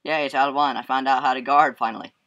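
A man giving casual gameplay commentary as he plays, excitable, yelping and laughing at the action and humming to himself. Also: medium pitch, quick pace, muffled recording. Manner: excitable, bursts into yelps and laughs, hums to himself. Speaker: let's play gamer.

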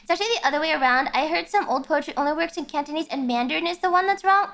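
A young woman livestreamer chatting casually while gaming, rambling and repeating herself, blunt but quick to apologize. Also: high voice, a bit bright. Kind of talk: casual game stream chat.

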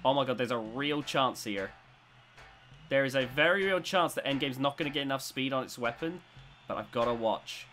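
A man giving excitable commentary as he plays a robot combat video game, swinging between tense muttering and loud cheering. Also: medium pitch, normal speed. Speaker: gaming YouTuber.

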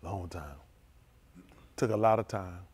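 Male pastor, loose vernacular sermon delivery, moves between low murmurs and loud high exclaiming. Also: a little slow, slightly rough. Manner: speaks in informal, vernacular English.

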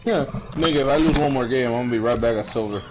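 A man's voice: mid-range voice, racing, music in the background, low-quality recording. A man making blunt, swearing callouts in casual gaming voice chat over a headset. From Florida. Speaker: gamer.

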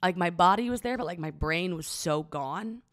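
Young woman from oklahoma, pretty low voice, choked up and halting, dry close sound. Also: lively intonation, fairly bright tone, no room sound. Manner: halting and vulnerable, frequent restarts and "like" fillers. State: emotional, near tears. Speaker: podcast host. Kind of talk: personal confessional monologue.

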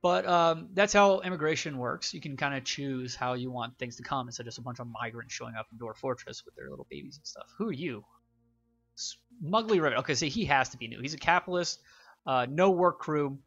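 A man's voice: medium pitch, fast, vocal fry, few pauses, a bit bright, highs cut off. A young man hosting a gaming channel, giving casual, rambling game commentary with many fillers.

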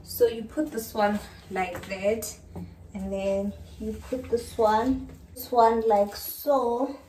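Talking to her viewers as "guys," this young South African woman vlogs casually from home in a South African English accent. Her voice is a little high, warm, slow, and steady. The recording is echoey, with her far from the mic and a little hiss or hum.

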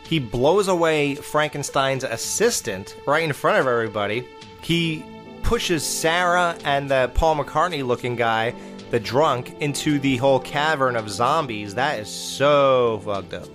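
A man's voice: medium pitch, expressive, unhurried, fairly bright tone, faint music behind. A man in a casual horror-film review monologue, blunt and profane, exclaiming and mocking the characters. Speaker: podcast host reviewing horror films.

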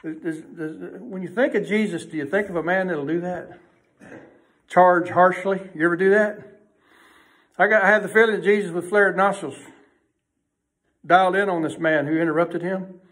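A male preacher with a notably high voice. He preaches in a folksy, emphatic way, rising to loud bursts and dropping to hushed asides. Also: fairly even intonation, moderate pace, long pauses. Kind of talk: sermon.

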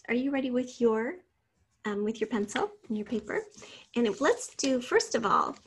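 A woman teacher giving a recorded spelling lesson over slides, spelling out letters slowly and patiently. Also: on the high side, slightly rough.

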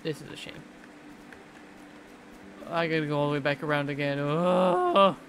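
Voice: mid-range voice, moderate pace, a bit bright, a little hiss or hum. Rambling game streamer muttering to themself. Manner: muttering, rambling, confused self-talk. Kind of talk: casual gameplay commentary. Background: game music.

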